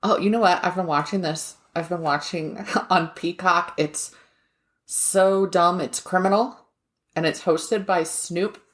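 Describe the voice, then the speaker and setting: A woman's voice: lowish voice, measured pace. Woman on a podcast chatting away, keeps doing the voices of people in her story and cracking up. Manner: animated storyteller, acts out quotes, laughs often. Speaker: podcast co-host. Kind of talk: casual chat.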